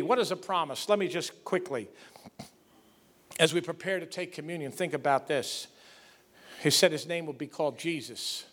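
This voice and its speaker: A pastor preaching a sermon, reading scripture aloud and building to fervent, emphatic declarations. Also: male voice, high voice. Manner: preaching, rising to fervent shouts on key lines.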